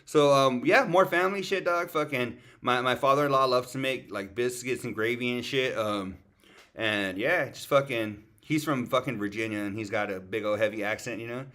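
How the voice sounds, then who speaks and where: A man's voice: mid-range voice, moderate pace, pushed and bright. A man co-hosting a podcast in casual chat, talking slangy and swearing often, calling people "dog" while he streams from a family road trip. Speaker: podcast co-host. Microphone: streaming setup.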